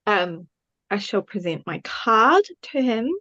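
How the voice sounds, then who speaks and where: A woman's voice: mid-range voice, animated, takes it slowly, sharp tone, muffled recording. A woman playing a tabletop game, hesitant and genteel as she speaks in character. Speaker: player. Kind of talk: tabletop role-play.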